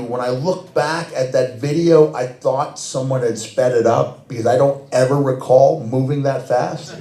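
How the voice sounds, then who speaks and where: A middle-aged man telling animated, self-mocking stories as a guest at a fan Q&A event, laughing often. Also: medium pitch, noisy background. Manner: animated, laughs often, many restarts and fillers. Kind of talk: anecdotal storytelling. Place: event hall with audience. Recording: echoey event hall.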